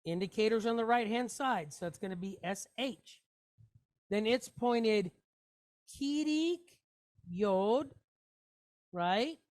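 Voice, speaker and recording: A woman leads a Hebrew reading class at an unhurried, very slow pace. She sounds out every letter and vowel patiently. She repeats each syllable before joining them into a word. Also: medium pitch, a little mellow. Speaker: Hebrew teacher. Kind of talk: reading lesson, sounding out words.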